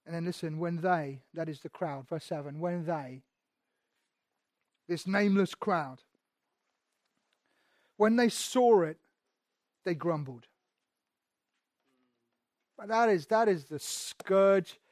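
High-voiced preacher with repeated phrases. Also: male voice, slow, long pauses, dry recording. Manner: repeats phrases, asks rhetorical questions, swings from hushed to loud. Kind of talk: sermon.

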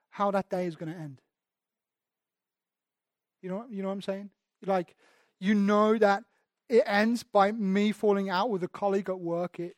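A man's voice: high-pitched, no room sound, clean studio sound. A man preaching a sermon as pastor, candid and self-deprecating, often restarting his sentences.

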